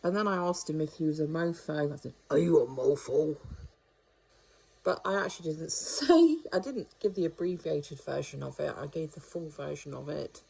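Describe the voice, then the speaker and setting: A retired woman chatting away to her camera, wry and rambling, with a fairly low, mellow voice. Her tone is relaxed and warm rather than bright. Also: moderate pace, vocal fry, few pauses, husky, rough recording. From United Kingdom. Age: older. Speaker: vlogger. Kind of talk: casual monologue.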